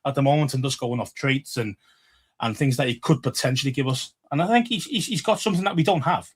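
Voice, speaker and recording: A man's voice: medium pitch, fast talker, husky. A man with a Liverpool Scouse accent, co-hosting a casual sports podcast, rambling and swearing freely with many fillers. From England. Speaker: podcast co-host.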